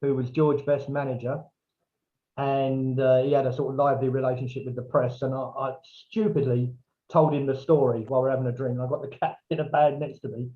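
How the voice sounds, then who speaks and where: A man tells a long casual anecdote as a podcast guest, bringing in other people's lines in lively, raised voices. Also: mid-range voice, brisk. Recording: dull, lo-fi remote audio.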